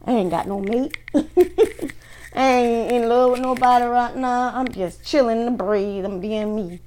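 A woman's voice: on the high side, normal speed, darkish tone, a little hiss or hum, poor audio. Blunt, foul-mouthed woman tarot reader. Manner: blunt, profane, slangy talk. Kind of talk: casual tarot reading to camera.

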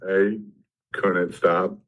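A man's voice: deep voice, flat delivery, extremely slow, poor audio. A man talking as a podcast guest in a loose, joking way, full of fillers like "like" and "you know". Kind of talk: casual podcast chat.

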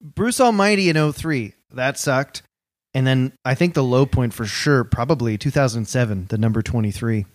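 A man's voice: medium pitch, normal speed, no echo. Laid-back young man on a podcast. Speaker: podcast co-host. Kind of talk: casual comedy podcast chat.

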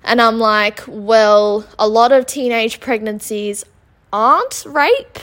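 A woman's voice: fairly high pitch, expressive, slow, a bit bright. A young woman, hosting a solo podcast and retelling an argument in an exasperated, chatty way with lots of ums and likes. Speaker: podcast host.

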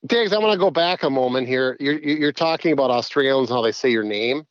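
A man's voice: medium pitch, quick pace, no room sound. A middle-aged man co-hosting a podcast in casual comedic chat, rambling playfully and joking around. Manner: rambling, playful, does auctioneer patter. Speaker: podcast co-host. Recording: slightly dull, dry sound.

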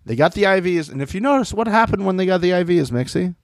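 A man's voice: high-pitched, animated, quick pace, gravelly, no room sound, studio quality. A man co-hosting a podcast, chatting casually and mockingly about a reality show, swearing freely. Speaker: podcast co-host.

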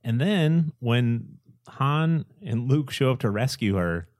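A man's voice: mid-range voice, animated, takes it slowly, a little mellow, no room sound. A man co-hosting a casual chat, rambling with enthusiasm and acting out film quotes. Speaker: podcast co-host.

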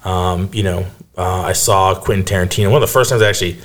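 Low-voiced fast-talking man chatting. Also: fairly even intonation. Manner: rambling, swears casually, frequent fillers. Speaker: podcast co-host. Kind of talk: casual chat.

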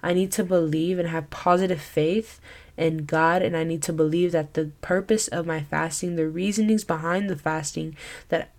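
Earnest, chatty woman with a lowish voice. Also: steady tone, normal speed, a little mellow. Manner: earnest and chatty, full of "like" and "you know". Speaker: podcast host teaching on faith. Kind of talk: casual Christian teaching talk.

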